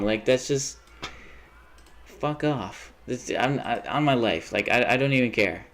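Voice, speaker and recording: A young man livestreaming while gaming, chatting in a rambling way, swearing often and getting heated quickly. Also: mid-range voice, expressive, creaky, a bit bright.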